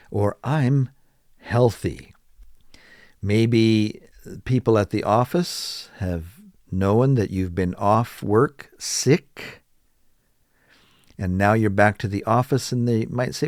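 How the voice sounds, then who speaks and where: Male teacher, lowish voice, very slow, stretched-out intonation on model phrases. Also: lively intonation, a little mellow, dry recording, studio quality. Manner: repeats model phrases slowly with exaggerated rising and falling intonation. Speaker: English teacher. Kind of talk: slow, deliberate spoken English lesson.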